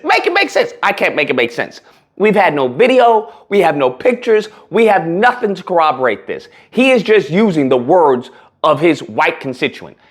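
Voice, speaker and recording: Man, casual reaction commentary, animated, mocking, laughing, very lively pitch. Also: normal speed. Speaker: commentary channel host.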